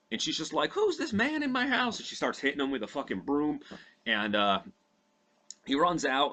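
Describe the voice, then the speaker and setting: Medium in pitch, bright, and forceful, a young man's voice carries a podcast retelling of a movie he's remembering. The delivery is loose and rambling, profane and heavy on fillers.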